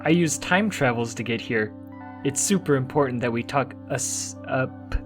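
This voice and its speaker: A man plays a goofy little alien bug who rambles along in an offhand, easygoing way, his voice sitting at a middle pitch. Soft music plays underneath. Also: normal speed, lightly acted.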